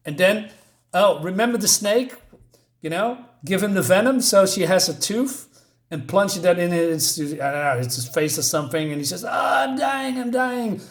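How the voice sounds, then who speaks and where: A man with a slightly high voice rants through a comic review on his own channel. He sounds exasperated and mocking and swears freely. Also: normal speed. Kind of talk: casual ranting review.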